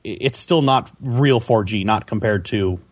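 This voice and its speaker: A man co-hosting a casual tech podcast, explaining things in a measured way with many fillers. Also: lowish voice, dry recording. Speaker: podcast co-host.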